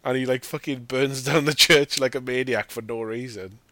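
A man hosts a casual film review, mocking the characters and laughing through his sentences. His voice sits at an ordinary middle pitch. The sound is close and dry, with no room around it. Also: steady tone, normal speed, sharp tone, dry recording. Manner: swears freely, mocks characters in put-on quotes, laughs while talking. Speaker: podcast host.

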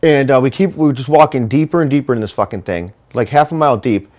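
A man's voice: mid-range voice, quick pace, a little mellow. A man in casual chat, telling a long, rambling, profane story full of "like" fillers.

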